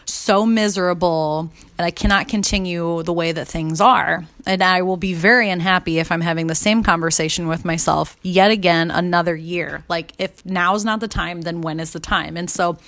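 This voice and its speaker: A woman's voice: on the low side, a bit bright. A young adult woman telling a personal story casually and candidly, swearing freely and acting out her own inner voice. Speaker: podcast host and coach.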